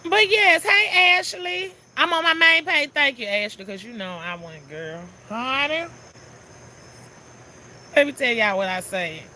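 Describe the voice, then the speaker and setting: High, bright-voiced sassy woman streamer. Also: very animated, measured pace, slight background noise. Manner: chatty and sassy, greeting viewers one by one. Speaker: live streamer greeting chat viewers. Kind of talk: casual live-stream chat.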